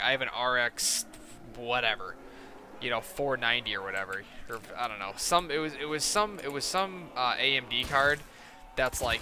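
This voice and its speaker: Bright-voiced ranting young gamer guy. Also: medium pitch, a little hiss or hum. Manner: profane, ranting, quoting others in a mocking tone. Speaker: gaming streamer. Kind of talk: casual gameplay chat.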